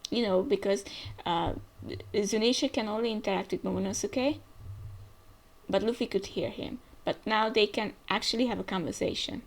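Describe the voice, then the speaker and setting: Woman doing a casual manga reaction, thinking out loud, bit of vocal fry. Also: medium pitch, normal speed. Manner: chatty, thinks aloud while reading. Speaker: manga reaction channel host. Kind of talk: casual manga reaction, reading panels aloud.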